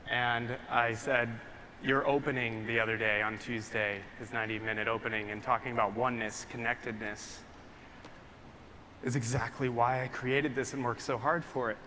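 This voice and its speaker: A young man, a photographer, telling an excited and emotional story to a live audience, getting choked up as he talks. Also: mid-range voice, normal speed. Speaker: photographer presenting his work. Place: large hall with a live audience. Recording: long hall reverb, faint room noise.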